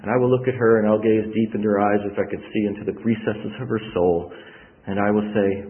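A man preaching a sermon as a visiting preacher, emphatic, with sudden swells and drops in loudness and phrases repeated for effect. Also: fairly low pitch, fairly even intonation, fast. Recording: echoey hall, tinny phone-like sound.

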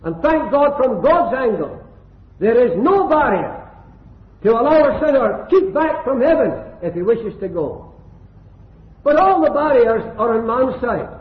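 An older man from Scotland delivers a fervent gospel hall sermon in a very high-pitched voice, building his points through rhythmic repetition. He sounds echoey and tinny, as if heard on an old phone-like recording made in a reverberant hall. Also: big pitch swings, unhurried. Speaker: preacher.

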